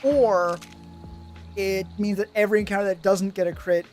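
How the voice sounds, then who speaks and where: This streamer, a man with a high voice, chats at normal speed with soft music playing behind him. His tabletop advice comes loose and rambling, full of swearing and lively replies to chat messages.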